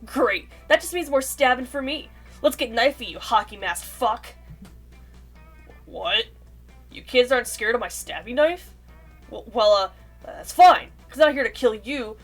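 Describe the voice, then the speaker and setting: A woman voicing a blustering, goofy male slasher in a hockey mask, reading a visual novel aloud in a loud, shouting delivery. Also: a little high, animated, unhurried, faint music behind.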